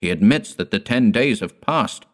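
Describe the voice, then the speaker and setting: Guy voicing worried serious son, pitched up a bit, pushy and urgent. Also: lively intonation, normal speed, natural voice. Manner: solemn, urgent. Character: grown son, solemn and fearful.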